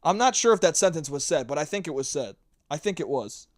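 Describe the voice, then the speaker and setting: Fairly quick and animated, this young podcast host has a voice on the high side and studio-quality audio with no room sound. Alone on the mic, he delivers a sarcastic comedy rant, cursing often and putting on mocking impressions.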